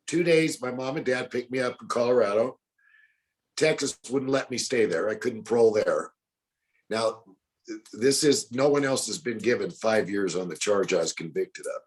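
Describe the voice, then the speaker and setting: An older man in his sixties with a drawl appears as an interview guest, telling folksy stories in casual fashion. His voice is on the low side at a moderate pace, and he acts out other people's lines.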